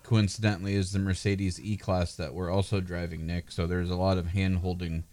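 A man's voice: low voice, level tone, a little fast, a little mellow. A man co-hosting a car podcast, reviewing vehicles in a playful, rambling, joking way. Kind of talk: casual joking chat.

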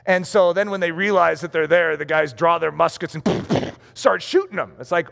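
High-voiced male preacher in a reverberant hall. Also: moderate pace, creaky, hardly any pauses, fairly bright tone. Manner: emphatic, acts out quoted voices. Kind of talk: sermon.

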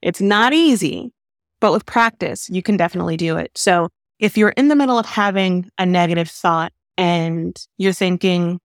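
A woman therapist hosting a podcast, calmly explaining advice in an earnest way. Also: lowish voice, normal speed, dry recording, studio quality. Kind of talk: advice talk.

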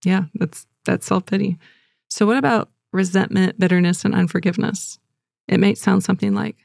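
A woman giving earnest, gentle devotional teaching and leading listeners in prayer, speaking casually with fillers. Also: mid-range voice, steady tone, moderate pace, gravelly, no room sound, studio quality.

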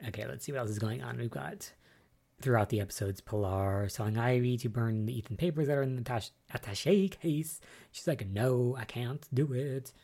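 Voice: medium pitch, a little fast, vocal fry. A podcast host recapping soap episodes in a casual solo chat, rambling and musing aloud with lots of fillers. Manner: excitable and spoiler-wary.

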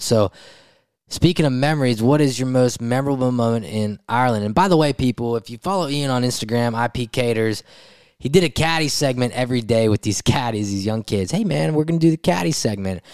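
A man's voice: medium pitch, a little mellow, smooth, dry recording, studio quality. A man co-hosting a podcast, chatting casually and heaping praise in an enthusiastic way. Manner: enthusiastic, effusive. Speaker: podcast co-host. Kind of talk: casual chat.

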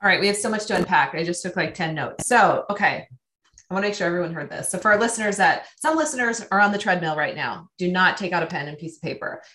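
A woman's voice: fairly low pitch, fast talker, fairly bright tone. A woman hosting a podcast, enthusiastically recapping her guest's points for listeners. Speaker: podcast host. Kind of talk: conversational interview.

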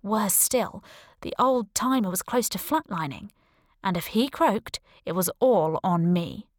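A woman's voice: medium pitch, unhurried, no room sound, studio quality. Wry woman narrating an audiobook. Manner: lively, wry, dramatic storytelling. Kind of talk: first-person audiobook narration.

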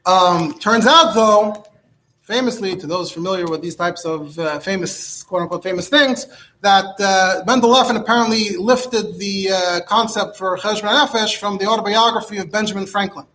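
Rabbi, teaching halacha class, high bright voice, rambles fillers. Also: male voice, moderate pace, a little hiss or hum. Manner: chatty, digressive, many fillers and restarts. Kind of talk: informal Torah lecture.

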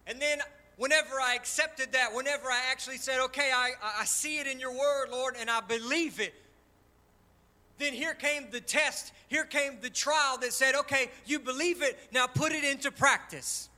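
Man, pastor, high bright voice, passionate sermon delivery in a church. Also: moderate pace. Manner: impassioned, personal testimony, swings loud and soft. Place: church sanctuary.

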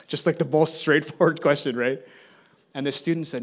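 A man's voice: on the high side, fairly quick. A male campus ministry guest speaker giving a sermon in a church, telling stories and building to an urgent call. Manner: animated, rising to urgent exhortation. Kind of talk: sermon with storytelling. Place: church service.

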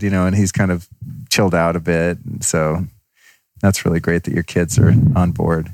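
A man hosting a podcast, chatting casually with a guest and acting out his own past remarks in lively storytelling. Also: low voice, brisk, no room sound. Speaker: podcast host. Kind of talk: casual interview chat. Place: on location at a resort.

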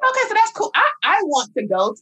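A woman hosting a casual chat, talking fast and chatty while asking guests questions. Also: high voice, far from the mic. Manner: chatty, animated, quick talker. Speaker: podcast host.

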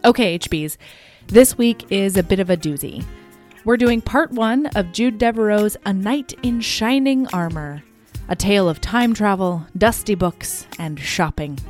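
A woman's voice: medium pitch, unhurried, a little mellow. A woman opens a podcast episode with a breezy, scripted introduction. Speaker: podcast host. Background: faint music.

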